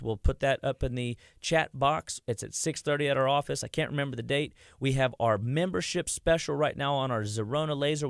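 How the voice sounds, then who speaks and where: A man's voice: mid-range voice, gravelly, no room sound, studio quality. A man who is a health clinician, guest on a radio show. He talks energetically to listeners he calls "guys", often restarts and repeats words, and acts out the voices of the people he quotes. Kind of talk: conversational radio health talk.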